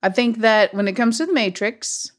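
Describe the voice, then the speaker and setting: A woman co-hosting a casual movie review podcast, playful and quick to laugh. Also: a little high. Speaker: podcast co-host.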